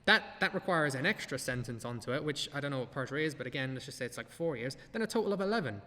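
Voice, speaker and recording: A man's voice: mid-range voice, expressive, racing, sharp tone, long reverb tail. A man hosting a podcast, giving blunt, profane, sardonic commentary. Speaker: podcast host. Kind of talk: casual commentary.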